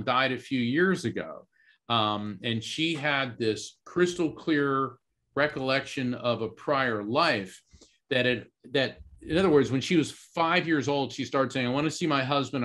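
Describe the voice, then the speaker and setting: A man's voice: medium pitch, bright, forceful tone. A middle-aged man, a guest speaker, explaining in casual talk with lots of fillers and restarts. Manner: rambling, many fillers and restarts.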